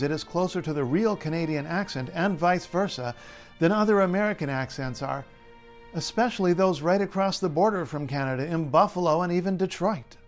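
A male linguist narrates a scripted explainer in a slightly high voice. He sounds clear and wry, with light humor running through the read. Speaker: linguist and writer.

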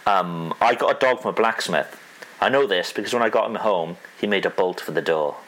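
A man's voice: low voice, brisk, fairly bright tone, rough recording. A man co-hosting a casual show, reading corny listener jokes with dry mock groans. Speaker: podcast co-host.

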